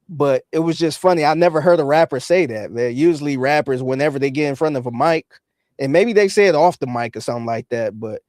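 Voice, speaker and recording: A man co-hosting a podcast, talking in a relaxed way and often acting out what others might say. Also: a little high, no echo, clean studio sound. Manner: relaxed, acts out quotes. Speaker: podcast co-host. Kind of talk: casual podcast commentary.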